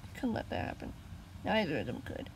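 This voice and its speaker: A woman's voice: on the low side, sing-song, a little fast, a little hiss or hum, rough recording. A woman reading her own story aloud, casual, with small slips and restarts.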